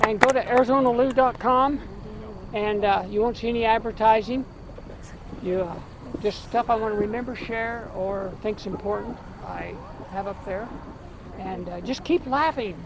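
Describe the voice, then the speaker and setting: Older man telling deadpan outdoor jokes. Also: sits high, normal speed. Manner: deadpan one-liners. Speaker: stand-up comedian. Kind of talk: outdoor stand-up comedy. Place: outdoors by the water at sunset. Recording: windy outdoor camcorder audio. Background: wind noise and a small audience laughing.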